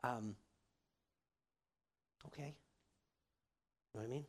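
A man's voice: medium pitch, slow. A man preaching a sermon in a casual, conversational way, often checking in with the congregation. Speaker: pastor.

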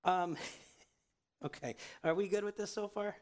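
A man's voice: high-pitched, unhurried, darkish tone, clear, resonant tone. A man preaching a sermon in a casual, conversational way, often checking in with the congregation. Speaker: pastor.

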